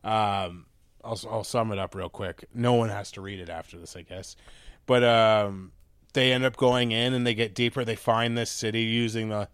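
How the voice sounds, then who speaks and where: A man with a lowish voice tells stories in loose podcast chat. He rambles, restarts his sentences and fills them with "like" and swearing. The sound is dry and close. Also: fairly even intonation, normal speed, fairly bright tone, smooth, no room sound. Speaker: podcast co-host. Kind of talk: casual chat.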